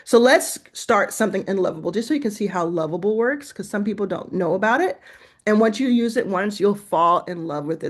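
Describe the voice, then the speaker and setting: A woman's voice: mid-range voice, animated, a little fast. A woman hosting a casual screen-share tutorial, chatting and reacting as she goes, laughing to herself while she types and reads aloud. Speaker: host.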